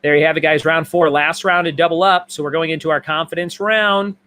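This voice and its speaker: A man with a slightly high voice hosts a live-streamed trivia night. He reads answers and questions as lists and repeats them for the players. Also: steady tone, a little fast, pushed and bright, dry recording. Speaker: trivia host.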